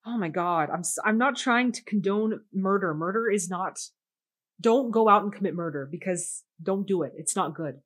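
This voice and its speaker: A woman's voice: mid-range voice, normal speed, husky. A young woman hosting a movie reaction, chatting casually and exclaiming at the film.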